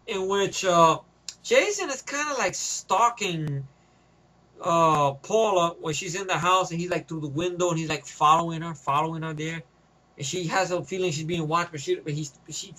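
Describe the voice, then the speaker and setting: A man's voice: a little high, bright, forceful tone. A man giving a casual, loose movie review, swearing freely and chuckling often.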